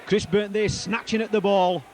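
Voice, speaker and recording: A man giving live rugby league match commentary, excitable and rambling, repeating player names as the play moves. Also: high-pitched, normal speed, slight background noise.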